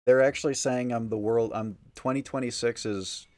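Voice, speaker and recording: A man's voice: mid-range voice, steady tone, normal speed, darkish tone. Joking, foul-mouthed male streamer. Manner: joking, profane, teasing chat. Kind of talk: casual livestream chat. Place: small hot room at home.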